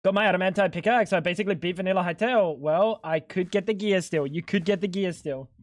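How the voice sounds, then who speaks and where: A man's voice: sits high, fast, dry recording. An Australian man streaming a game, bantering casually with friends, swearing a lot and joking with mock indignation.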